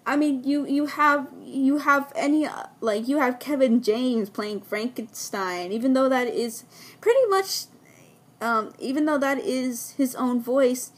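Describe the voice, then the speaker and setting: Female reviewer with a somewhat high, strained voice; eager, rambling casual delivery. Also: a little slow. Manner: enthusiastic, rambling with frequent restarts. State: losing her voice. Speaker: film reviewer. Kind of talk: casual spoken film review.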